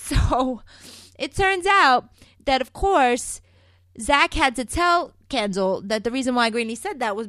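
A woman's voice: medium pitch, fairly bright tone, no room sound, clean studio sound. A woman from Puerto Rico chatting in a sassy, gossipy way as she recaps a soap opera, calling her viewers "people". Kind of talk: casual chat.

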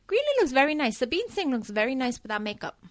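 A woman hosting a casual talk show, recapping soap opera episodes in an animated, chatty way full of fillers and laughs. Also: high-pitched, fast, dry recording. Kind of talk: casual chat.

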